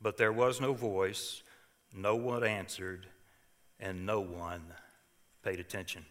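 An older man preaching a sermon, reading scripture dramatically, swinging between hushed lines and loud calls. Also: low-pitched, fairly even intonation, takes it slowly, big-room sound. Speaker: pastor.

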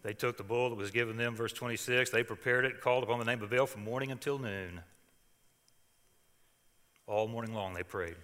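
An older man preaching a sermon, reading scripture dramatically, swinging between hushed lines and loud calls. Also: medium pitch, in a large hall. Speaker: pastor.

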